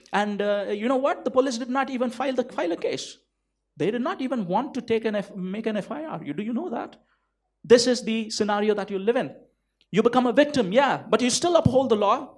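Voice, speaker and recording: A pastor preaches with a rather high voice for a man. He keeps turning to his listeners with questions like "right?" and "you know that?". His delivery is emphatic and driven. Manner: emphatic, full of rhetorical questions to the congregation. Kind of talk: sermon.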